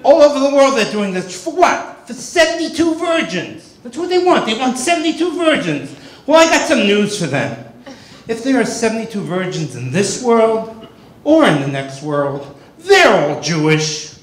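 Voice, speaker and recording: A man doing a stand-up comedy set in a club with wisecracking, deadpan delivery. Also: extremely high pitch, normal speed, reverberant, rough recording.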